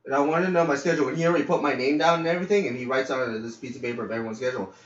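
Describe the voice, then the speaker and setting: A man's voice: mid-range voice, rapid-fire. A man host telling work stories in a casual podcast chat, swearing and acting out the people he quotes. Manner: animated, swearing, acts out quotes loudly with laughs. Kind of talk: casual storytelling. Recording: echoey, dull lo-fi audio.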